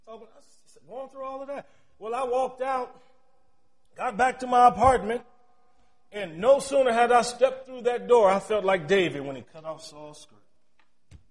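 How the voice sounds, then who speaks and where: A middle-aged male pastor giving a sermon. He tells stories in a chatty way, and his loudness swings from shouting to near murmurs. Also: very high voice, expressive, moderate pace. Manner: storytelling, with chatty asides.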